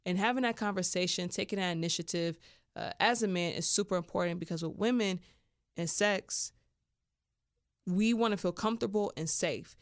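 A woman's voice: on the low side, moderate pace, no room sound, clean studio sound. A woman hosting her own podcast, talking frankly and casually, with lots of fillers. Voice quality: chatty, blunt, full of fillers. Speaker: podcast host.

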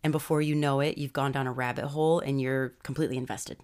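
A woman in her thirties from Florida, hosting a podcast in casual chat, her voice hoarse from being sick, swearing and laughing often. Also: very deep voice, steady tone, fast, a little mellow. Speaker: podcast host and storyteller.

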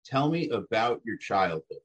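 A male interviewer with a low, somewhat husky voice. He asks calm, gently probing questions. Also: unhurried.

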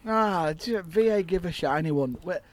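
A man with a Leeds accent co-hosting a casual chat in a back garden, excitable with loud bursts of elation. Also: sits high, normal speed, no echo. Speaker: podcast co-host. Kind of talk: casual celebratory chat among friends.

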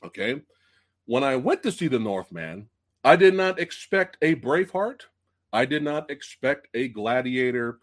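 Male livestream host with a lively, swooping voice, excitable and profane. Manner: excitable, profane, swings from loud outbursts to low mutters. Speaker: podcast host. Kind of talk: casual movie review livestream.

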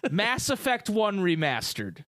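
A chatty man co-hosting a casual podcast, his voice high and swooping all over the place. He talks excitedly in gamer slang. The sound is dry and close. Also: measured pace, no echo. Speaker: podcast co-host. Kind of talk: casual chat.

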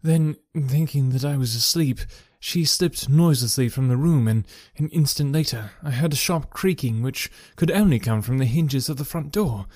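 A man's voice: medium pitch, darkish tone, no echo. Man narrating a classic tale, dry and close. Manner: measured, dramatic storytelling. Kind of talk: scripted first-person story narration.

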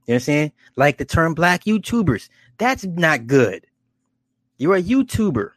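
A man hosting a casual commentary, animated and profane, often laughing at his own stories. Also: a little high, a little slow, no room sound, studio quality.

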